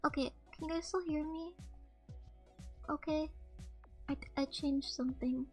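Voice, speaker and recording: A young woman streamer chatting casually on a livestream, talking quietly in a flat monotone. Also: sits high, unhurried, soft background music. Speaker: VTuber streamer. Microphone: desk streaming mic.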